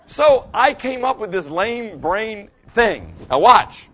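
A man's voice: high voice, very animated, takes it slowly, few pauses, bright, forceful tone, highs cut off. An older male pastor giving a folksy, conversational sermon, often checking in with his listeners. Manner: folksy, conversational preaching, asks the audience "okay?" often.

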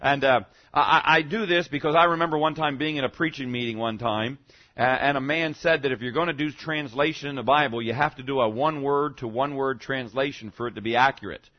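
A man's voice: mid-range voice, fast talker, dull audio. A male pastor preaching a teaching sermon in a conversational way, often checking in with the congregation and punching key words for emphasis.

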